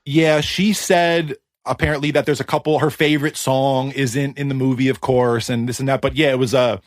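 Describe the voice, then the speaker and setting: A man in his thirties, a music producer guest, telling casual anecdotes on a podcast in an animated, chatty way with quick asides. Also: medium pitch, dry recording.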